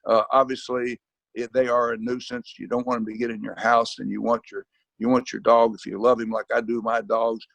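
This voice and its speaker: A man's voice: mid-range voice, gravelly, no echo. An older man reading a children's picture book aloud at home, wandering into chatty asides and stumbling over frequent fillers and restarts. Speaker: guest reader.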